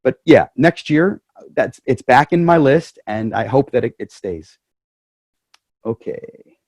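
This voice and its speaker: A man's voice: mid-range voice, animated, takes it slowly, a little mellow, no echo. A man speaking as club president, addressing the members over a video call in a chatty, joking way.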